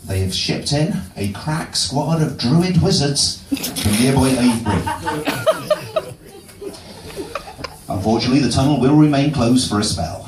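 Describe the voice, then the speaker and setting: A cheesy local radio host with a lively, bouncing pitch, as a stand-up comedian puts him on. The voice is captured from a distance in an echoey pub room. There is clear background noise. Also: male voice, unhurried, long pauses. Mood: mock-cheery. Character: male radio presenter with generic voice.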